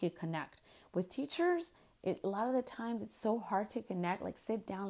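A woman's voice: lowish voice, vocal fry, darkish tone. A woman in her thirties hosting a podcast, talking frankly in a rambling, conversational way with plenty of fillers. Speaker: podcast host. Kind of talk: casual podcast monologue.

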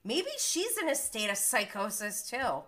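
A woman recapping reality TV in a casual reaction vlog, exasperated and animated, saying "effing" in place of swear words. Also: fairly high pitch, measured pace. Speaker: vlogger.

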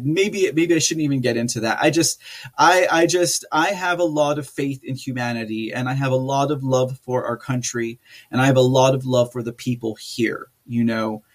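A man hosting a podcast, reading out live chat comments in a chatty, rambling way with frequent laughs. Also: medium pitch. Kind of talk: casual live-stream chat.

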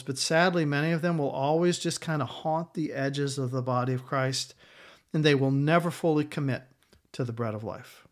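A male pastor delivering a sermon, his voice sitting a little high for a man. He speaks emphatically and circles back to repeat his key lines for effect.

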